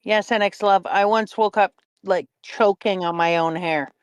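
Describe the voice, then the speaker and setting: A woman's voice: mid-range voice, normal speed, smooth, no echo. A middle-aged woman co-hosting a casual chat with her son, playful and goofy, swearing freely. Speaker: co-host, mother of the host.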